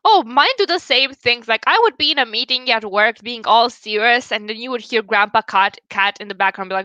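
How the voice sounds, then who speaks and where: Young woman streamer gabbing w chat, laughs a lot, kinda high bright voice. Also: a little fast, few pauses, no room sound, lo-fi sound. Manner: chatty, giggly, talks to chat viewers. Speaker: livestream host. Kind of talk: casual livestream chat.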